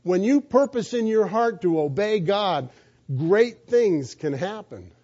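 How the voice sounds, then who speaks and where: A man's voice: sits high, lively intonation, slow, mellow, dull audio. A man preaching a sermon, retelling a scripture story with emphatic rhetorical questions.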